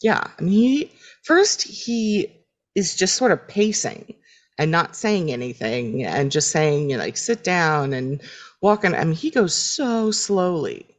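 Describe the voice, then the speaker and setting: Slow, lower-voiced woman co-host. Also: very animated. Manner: unhurried, agreeable, often backs up her co-host. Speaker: podcast co-host. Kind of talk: casual TV recap chat.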